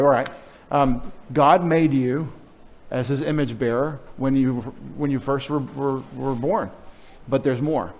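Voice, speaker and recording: A man's voice: medium pitch, steady tone, a little slow, darkish tone. Playful middle-aged man preaching. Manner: playful, teasing, addressing children in the congregation. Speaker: pastor. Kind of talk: sermon.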